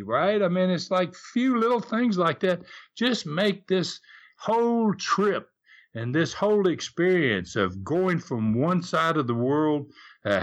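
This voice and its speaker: An older man with a Southern US accent, reminiscing in a casual interview as a retired wrestler, telling stories in a rambling way with frequent restarts. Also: fairly high pitch. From Southern United States. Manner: rambling storyteller with repeated restarts.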